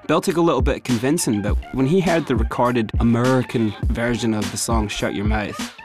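A middle-aged man with a Scottish accent telling a story in a lively way, sometimes slipping into put-on voices. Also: mid-range voice, a little fast. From Scotland. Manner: animated, breaks into put-on voices and laughs. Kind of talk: casual storytelling. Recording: music playing behind the voice.

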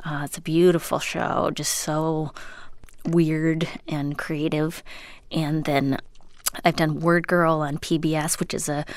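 A woman comedian and voice actor from Minnesota, chatting in an interview, self-deprecating and full of fillers, with a high, childlike voice. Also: flat delivery, takes it slowly, no echo. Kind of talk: casual interview chat.

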